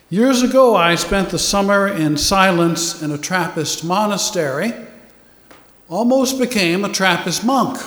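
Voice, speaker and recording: A man giving a meditative sermon, speaking slowly and softly with long pauses. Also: fairly high pitch. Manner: slow, soft and unhurried, with long pauses. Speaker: spiritual teacher. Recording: echoey hall with long reverb.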